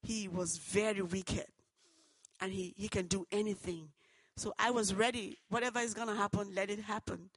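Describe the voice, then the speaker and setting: A woman giving an earnest personal testimony that turns into preaching, moving between hushed and loud, fervent passages. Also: mid-range voice, fairly even intonation, normal speed, no echo, low-quality recording. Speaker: testimony speaker.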